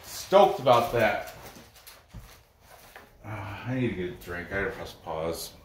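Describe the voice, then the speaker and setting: A man's voice: deep voice, lively intonation, a little slow, recorded from a distance, slight background noise. A man hosting a fight-picks video, chatting casually and bragging a little, with frequent restarts. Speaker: MMA picks video host. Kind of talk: casual solo commentary. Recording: echoey room, somewhat off-mic.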